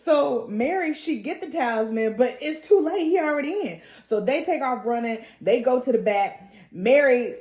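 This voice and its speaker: A woman gives a lively, laughing recap in a fairly high voice that swings up and down a lot. She acts out every line she retells. The sound is roomy and echoey. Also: normal speed. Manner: animated, laughing, acts out quotes. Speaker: TV recap vlogger. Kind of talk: casual recap and reaction. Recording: roomy echo.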